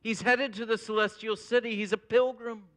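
Bright, high-voiced preacher man. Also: normal speed. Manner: animated storytelling with rising emphasis. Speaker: pastor. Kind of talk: sermon.

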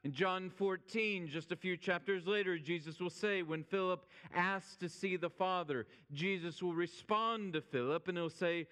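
A man preaching a sermon, speaking emphatically and slowing down when he quotes scripture. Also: high voice, a bit bright, clean tone, long reverb tail. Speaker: pastor.

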